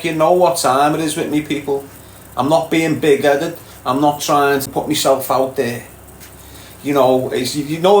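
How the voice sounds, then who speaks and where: A man with a Liverpool accent hosting a livestream, answering viewer comments in a blunt, streetwise way and calling people mate and lad. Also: on the high side. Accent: Liverpool (Scouse). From Liverpool, England. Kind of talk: casual livestream chat. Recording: roomy echo with faint background noise.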